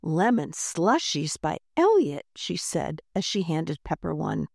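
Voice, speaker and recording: A woman narrating a children's storybook in a gentle, unhurried reading voice, lightly voicing the characters. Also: low-pitched, very animated, gravelly, no room sound, clean studio sound. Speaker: audiobook narrator.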